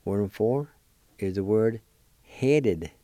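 A man hosting a weekly language lesson, spelling and pronouncing words slowly and repeating each syllable with care. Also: fairly low pitch, expressive, warm tone, no room sound. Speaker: language teacher and program host.

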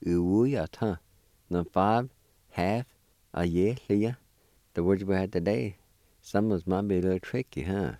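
A man teaching vocabulary as a host, spelling and repeating each word slowly and patiently, with a lilt. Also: low voice, warm tone, no room sound. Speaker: language teacher. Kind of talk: slow spelled-out language lesson.

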